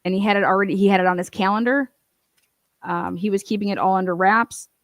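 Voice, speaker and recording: A woman's voice: medium pitch, fairly even intonation, fast talker, no room sound. Woman host, mid-range voice, fired-up casual commentary, dry close sound. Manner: emphatic, indignant, with frequent fillers and asides. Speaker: true-crime advocate host.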